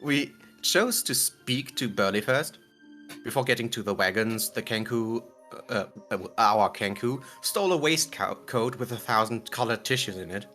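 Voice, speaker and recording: A man's voice: medium pitch, moderate pace, bright, forceful tone, faint music behind. A man recapping the last tabletop session in a giggly, rambling way, often correcting himself. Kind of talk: casual recap of a tabletop game.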